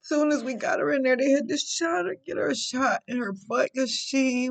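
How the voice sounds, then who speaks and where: A woman's voice: sits high, normal speed, creaky, few pauses. A tearful woman giving an emotional faith testimony, earnest and preachy, repeating her phrases for emphasis. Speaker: faith vlogger.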